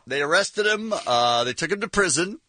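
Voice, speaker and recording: A man's voice: a little high, normal speed, dry recording. A man co-hosting a morning radio show, chatting and joking with his co-hosts. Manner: animated, joking, chuckles often.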